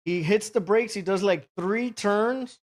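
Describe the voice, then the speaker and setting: A man's voice: sits high, a little slow. A man telling a long rambling story on a podcast, swearing often, full of filler words and acting out the people in it. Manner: animated, acts out other people. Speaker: podcast host. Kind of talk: casual storytelling.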